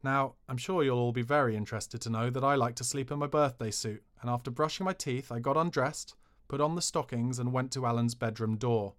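A man reads a comic memoir aloud for a podcast. His delivery is dry and cheeky, in a mid-pitched voice. He sounds like he is enjoying the mischief. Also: brisk, hardly any pauses, fairly bright tone. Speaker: podcast narrator.

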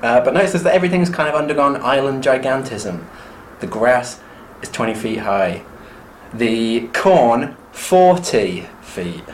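A man's voice: medium pitch, lively intonation, a little slow, a little hiss or hum. A man co-hosting a podcast, retelling a book in a dry, wry casual way. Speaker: podcast co-host. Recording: roomy echo.

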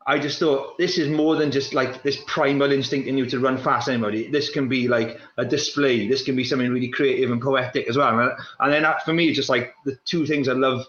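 A young man, a former runner, talking in a casual chat, restless and repeating himself in quick bursts. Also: medium pitch, steady tone, fairly bright tone. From Wales. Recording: roomy, dull lo-fi sound.

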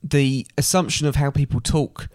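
A man's voice: medium pitch, fairly even intonation, moderate pace, a little mellow, dry recording, studio quality. A young man with an Essex estuary accent, co-hosting a podcast in a chatty, teasing way, often hesitating with ums. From England. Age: young adult. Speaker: podcast co-host. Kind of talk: casual chat.

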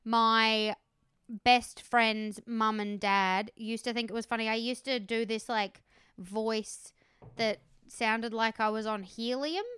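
A woman's voice: on the high side, fairly even intonation, a bit bright, clean tone. A woman co-hosting a podcast in giggly, chatty casual conversation. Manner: giggly, chatty, quick to laugh. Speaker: podcast co-host. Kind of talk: casual chat.

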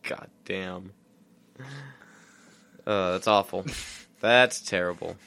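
A man's voice: sits low, steady tone, creaky, pushed and bright, clean tone. A man co-hosting a podcast, answering in casual chat and laughing often. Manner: laughs often, drawn-out replies. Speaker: podcast co-host.

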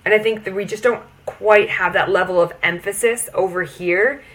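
A woman's voice: medium pitch, moderate pace, fairly bright tone. An American woman, a football player and podcast guest, explaining the sport in an enthusiastic, easy way. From United States. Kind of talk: casual interview chat.

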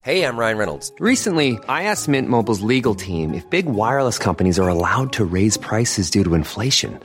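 Deadpan man reading an ad over music. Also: fairly low pitch, fairly quick. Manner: deadpan, wry. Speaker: ad spokesman. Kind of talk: scripted comedic ad read.

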